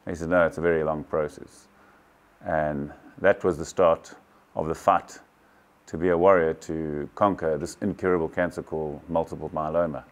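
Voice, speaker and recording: Speaking with an extremely low, steady voice at a normal pace, the South African kayaking champion in his sixties plainly recounts his own story to camera. He stays frank and matter-of-fact, voicing other people's lines as he goes.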